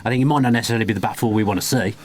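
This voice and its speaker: Man, podcast host, very deep voice, rapid football chat, teasing asides in a booth. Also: a little hiss or hum. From Birmingham, England. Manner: leads the talk, teasing asides.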